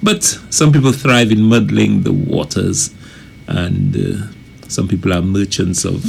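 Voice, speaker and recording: A man co-hosting a morning radio talk show, speaking in a measured way and stressing discipline and focus. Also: low voice, creaky, slight background noise. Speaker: radio co-host.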